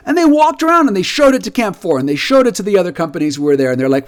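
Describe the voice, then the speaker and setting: A man leading a nonprofit, giving a casual video update as an animated storyteller who acts out quoted dialogue and repeats words when he gets excited. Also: sits high, rapid-fire, few pauses. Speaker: nonprofit leader.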